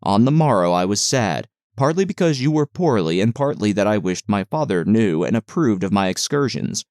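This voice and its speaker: Low-voiced man reading a classic novel. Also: big pitch swings, normal speed, darkish tone, no echo, clean studio sound. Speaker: audiobook narrator. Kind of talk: scripted narration of a classic novel.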